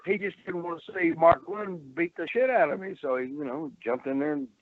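A man's voice: a little high, lively intonation, a little fast, crowd noise. An older man, a former wrestler, telling salty stories on a phone interview and laughing at his own tales. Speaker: former pro wrestler, guest. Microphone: telephone. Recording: tinny phone line.

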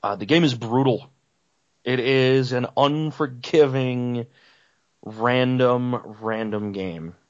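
A man's voice: medium pitch, slow. Guy on a podcast explaining stuff, mid voice, muffled lo-fi sound. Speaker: podcast co-host. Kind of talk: casual chat. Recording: dull lo-fi audio.

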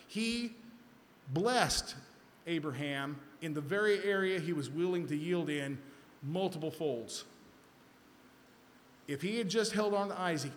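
Bible study leader, man, slightly higher voice, reads scripture then teaches emphatically; long echo, faint background hum. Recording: echoey hall with faint ambience.

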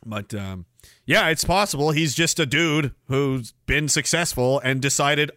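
A man's voice: a little high, measured pace, sharp tone, dry recording, clean studio sound. A man from Canada hosting a livestream, ranting in a crude, sarcastic, rambling way with lots of restarts. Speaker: livestream host. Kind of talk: casual ranting livestream monologue.

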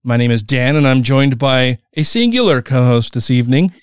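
A middle-aged man talks as a podcast host in a relaxed, joking way, swearing freely and laughing often. His voice is smooth and resonant at an ordinary pitch. The sound is dry and close. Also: moderate pace, no room sound. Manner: laid-back, laughs often, swears casually. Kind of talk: casual podcast chat.

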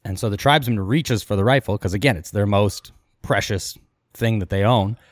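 Male podcast co-host, lowish voice, dry close mic, chatty retelling with quoted asides. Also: moderate pace, no room sound. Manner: animated retelling, quoting characters in passing. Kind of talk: casual storytelling chat.

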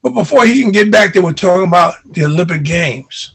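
An older man from New York looks back on his early years in an interview. His voice sits fairly high, very gravelly and raspy. He tells his stories with energy and acts out the dialogue he remembers. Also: brisk. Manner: animated storyteller who acts out remembered dialogue. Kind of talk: recounting childhood memories.

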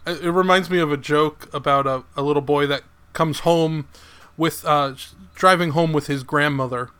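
A man's voice: a little high, steady tone, normal speed, fairly bright tone, clear, resonant tone. A man in casual conversation, retelling a short joke. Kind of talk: casual chat.

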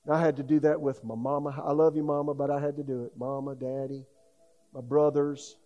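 A man's voice: fairly high pitch, little pitch movement, a little fast, muffled recording, soft background music. A middle-aged man preaching a sermon in a folksy, conversational way, full of asides. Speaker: pastor.

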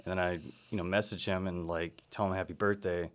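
Deep-voiced laid-back man. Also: flat delivery, fairly quick. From Arkansas, US. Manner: laid-back, rambling, swears freely. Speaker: podcast guest, black metal musician. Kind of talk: casual chat.

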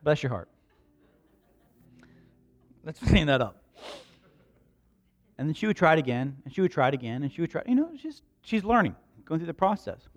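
A man preaching a sermon, telling a personal story in a hushed voice, then building to loud, slow, emphatic lines. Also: on the high side, sing-song. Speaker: pastor.

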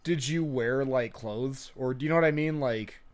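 A man's voice: medium pitch, moderate pace. A man commentating on a film as it plays, tossing out sarcastic, profane asides. He chats loosely and casually, in the easy way of a podcast co-host. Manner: wisecracking and profane. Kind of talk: casual movie watch-along commentary.

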